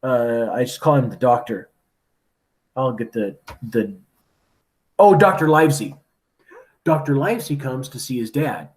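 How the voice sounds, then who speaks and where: A man's voice: mid-range voice, measured pace, long pauses. Chatty man retelling a story to a class. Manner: chatty, lots of "like" and "right?". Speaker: teacher. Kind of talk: casual storytelling to students.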